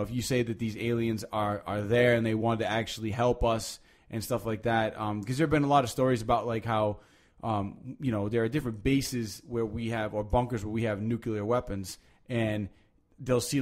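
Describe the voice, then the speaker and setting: A man hosting a podcast, talking casually and at length, with many restarts, lively emphasis and frequent swearing. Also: mid-range voice. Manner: rambling, animated, swears freely, many restarts. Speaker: podcast host.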